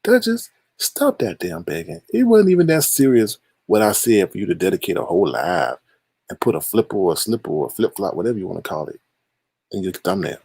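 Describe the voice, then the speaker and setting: Male livestream host with a gravelly, raspy voice; playful, shady gossip commentary while reading chat. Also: low voice, very animated, quick pace, warm tone, no room sound.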